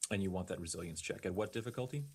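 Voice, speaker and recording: Low-voiced, apologetic tabletop player. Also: male voice, rapid-fire, creaky, a little mellow, slightly rough. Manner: apologetic, checking rules carefully. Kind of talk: tabletop game play.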